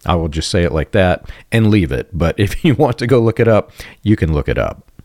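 A man co-hosting a podcast, speaking in a measured, guarded way, clearing his throat and laughing softly. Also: low voice, sing-song, no echo, studio quality. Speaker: podcast co-host. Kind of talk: casual podcast discussion.

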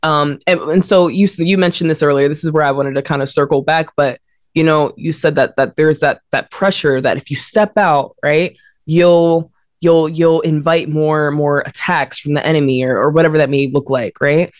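A woman guest in a conversation, telling a personal story with frequent restarts and laughter, jumping up in pitch to act out what people said. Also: moderate pace, dry recording, clean studio sound. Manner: animated, acts out quotes in a higher voice, frequent restarts and laughter. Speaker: interview guest.

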